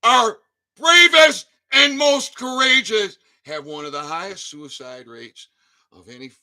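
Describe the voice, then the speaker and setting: A man delivering an angry ranting monologue, swinging between shouting and low muttering, with heavy profanity. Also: unhurried. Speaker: channel host.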